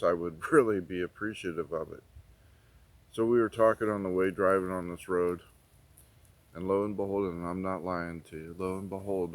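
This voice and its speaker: A man's voice: sits low, a bit bright. Folksy middle-aged man telling a story. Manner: folksy, rambling, repeats "I said". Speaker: prepping channel host. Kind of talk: casual storytelling.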